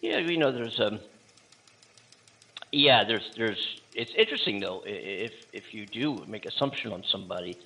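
A man co-hosting a radio talk show, chatting casually in a halting way with many restarts and easy laughter. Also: lowish voice, sing-song, creaky, pushed and bright, breathy edge. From USA. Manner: halting, full of fillers and restarts, laughs easily.

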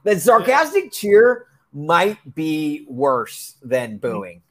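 This is a man co-hosting a casual sports podcast, with a voice that sits a little high for a man. He is animated and laughs easily. He hammers his points by repeating them. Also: drawn-out words. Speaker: podcast co-host.

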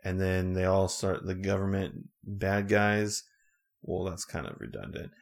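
Deep-voiced man rambling through a recap. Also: unhurried, vocal fry. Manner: relaxed, rambling with many fillers. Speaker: podcast co-host. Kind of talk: casual chat recapping a show.

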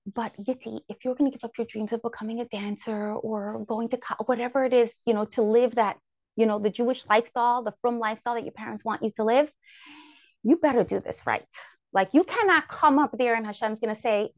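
Brief: high woman speaker, animated storyteller, dry sound, a bit lo-fi. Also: a little fast, no echo. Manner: animated, acts out her own inner thoughts. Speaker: guest speaker. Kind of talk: personal story told to a live audience.

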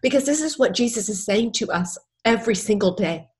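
This middle-aged woman's voice is fairly high, expressive, brisk and a little mellow. Guesting on a podcast as an author and former counselor, she speaks earnestly and tearfully about faith, stressing and repeating key phrases.

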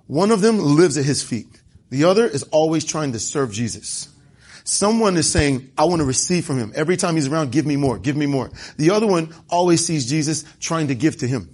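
Man, preacher, sermon, conversational, dramatic scripture quotes, higher pitch, slightly husky. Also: lively intonation, brisk, darkish tone.

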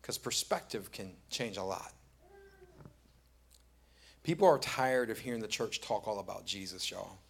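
A man's voice: fairly low pitch, lively intonation, measured pace, gravelly, long pauses, slightly rough. A middle-aged man preaching a sermon as pastor, telling stories conversationally and building to emphatic repeated points. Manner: conversational storytelling, rising to emphatic repetition.

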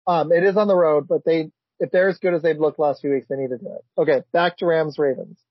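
Male podcast host, husky and a bit high, excitable; dry, dull lo-fi audio. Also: fast talker, no echo. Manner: excitable, blurts reactions, laughs often. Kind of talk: casual sports chat.

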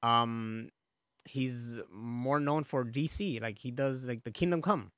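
A man co-hosting a podcast, chatting in a relaxed, rambling way with frequent laughs and casual swearing. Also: mid-range voice, slow pace, no echo, clean studio sound. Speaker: podcast co-host. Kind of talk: casual chat.

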